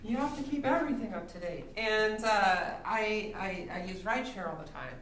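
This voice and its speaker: A woman's voice: medium pitch, lively intonation, normal speed, a little hiss or hum. A woman of forty doing a stand-up comedy set, ranting wryly and laughing often. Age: 40s. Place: theatre stage with live audience. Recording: roomy live theatre, loud crowd laughter.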